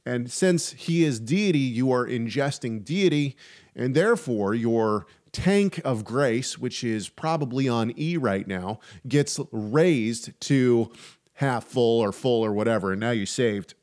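A man co-hosting a casual faith podcast, talking in an animated, chatty way with frequent restarts and asides. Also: medium pitch, slow pace. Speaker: podcast co-host.

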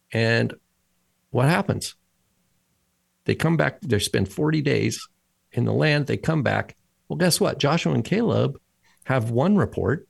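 Gravelly, husky man in animated talk. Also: medium pitch, no room sound. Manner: animated, laughs, quotes people in acted voices. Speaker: podcast co-host. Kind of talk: casual religious discussion.

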